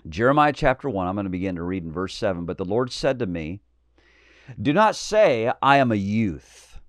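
A man's voice: fairly low pitch, big pitch swings, normal speed, no room sound, studio quality. A man preaching a fiery, emphatic sermon, with bold declarations and mocking asides.

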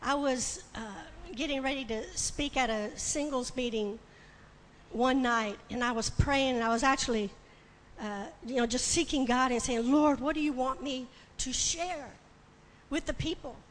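A woman preaching a sermon with passion, building to shouting and tearful cries. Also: high-pitched, measured pace, a little hiss or hum. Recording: long hall reverb, faint ambience.

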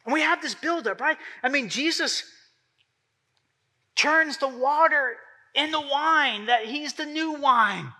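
A male pastor delivers a sermon in a high, piercingly bright voice. He preaches conversationally rather than formally, slipping into the voices of the people he quotes. The tone stays sharp and forward throughout. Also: slow.

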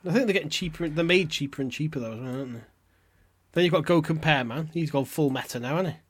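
A man's voice: fairly high pitch, quick pace, husky. A man co-hosting a podcast, bantering crudely, swearing and laughing often.

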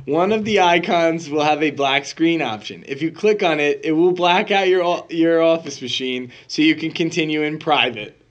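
Profane, animated podcast guy. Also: on the high side, moderate pace. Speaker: podcast co-host. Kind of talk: casual podcast chat.

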